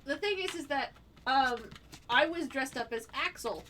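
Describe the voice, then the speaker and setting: A woman's voice: sits high, normal speed, a little hiss or hum. A woman co-hosting a live stream, telling a story in casual chat and acting out the quotes with lots of energy. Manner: animated, acts out quotes, gets loud when excited. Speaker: stream co-host.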